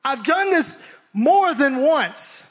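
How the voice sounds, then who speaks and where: Young male preacher, Bay Area raised, animated storyteller who shouts and laughs mid-sermon. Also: very high voice, slow pace. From San Francisco Bay Area.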